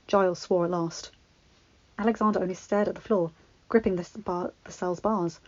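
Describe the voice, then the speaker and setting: A woman reading fan fiction aloud in a steady, expressive storybook narration. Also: on the low side, a little fast, dry recording, muffled recording.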